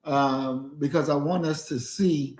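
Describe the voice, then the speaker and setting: A man's voice: fairly high pitch, steady tone, slow, darkish tone. Man hosting, scolding and lecturing. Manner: critical, lecturing, says "that's not" over and over. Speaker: discussion host. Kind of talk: moderating a discussion.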